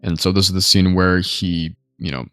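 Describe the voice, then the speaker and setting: Low-voiced man rambling through a movie review. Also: moderate pace, no room sound. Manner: rambling, heavy on fillers like "you know" and "like"; excitable, voice jumps up when recounting scary scenes. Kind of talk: casual spoken movie review.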